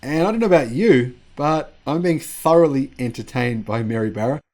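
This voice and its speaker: A man hosts a news commentary vlog. He talks in a chatty, sarcastic way, reacting to the news, in a voice of everyday, middling pitch. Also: animated, moderate pace, darkish tone. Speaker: channel host.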